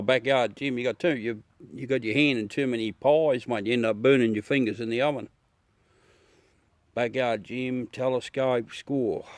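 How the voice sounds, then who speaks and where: The speaker is a middle-aged Australian livestream host chatting casually with viewers, blunt and profane, calling everyone mate. He has a medium-pitched, slightly mellow voice, and the recording is dry.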